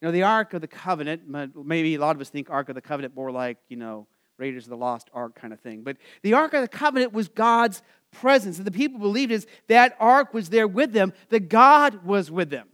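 High-voiced, smooth-toned male preacher. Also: fairly quick, few pauses. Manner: conversational, lots of "you know" asides; rises to excited, energetic emphasis. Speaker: Lutheran pastor. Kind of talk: sermon.

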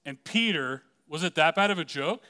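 A man's voice: a little high, expressive, moderate pace, sharp tone, clean tone. A man preaching a casual, conversational sermon, joking often and leaning on "like" as a filler.

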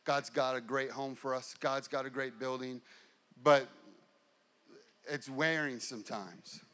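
A middle-aged male pastor delivering a sermon, building intensity through repeated phrases and slowing down for emphasis. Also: medium pitch, steady tone, fairly bright tone. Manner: preaching with rising and falling intensity, repetitive emphasis.

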